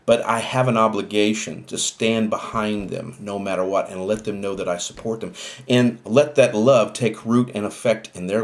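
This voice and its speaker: Speaking earnestly and reflectively about family, an older man with a very deep, low voice delivers his words in a heartfelt, sincere way, much like an inspirational talk show host.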